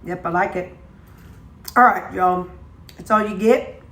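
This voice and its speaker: A woman's voice: on the low side, a little slow, a bit bright, far from the mic. A woman, chatting casually in a home kitchen as she cooks, folksy and talkative. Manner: chatty, folksy, talks while cooking. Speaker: weight-loss vlogger. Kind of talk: casual cooking vlog. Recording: echoey kitchen with faint sizzling.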